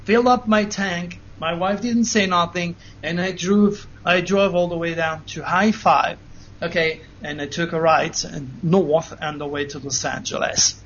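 A man giving an earnest, animated first-person account to an interviewer, with frequent restarts. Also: on the high side, measured pace, slight background noise. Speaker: interview guest. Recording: dull lo-fi recording.

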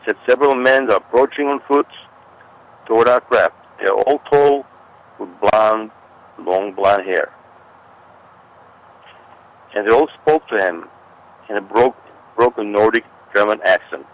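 This is a man speaking as an interview guest. He explains at length and with emphasis, often repeating himself for weight, in a fairly low voice. The audio is dull and lo-fi. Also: measured pace, pauses often. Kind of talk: conversational explanation.

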